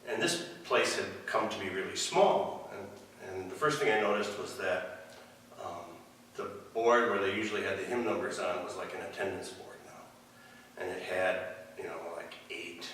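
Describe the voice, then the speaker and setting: A man in his fifties, a pastor giving a relaxed, wry storytelling sermon in a church hall, far from the mic. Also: sits low, moderate pace, slight background noise.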